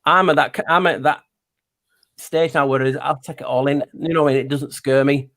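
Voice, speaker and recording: A man's voice: mid-range voice, fairly even intonation, moderate pace, vocal fry, fairly bright tone. A man speaking as a guest in a casual chat, musing and repeating himself.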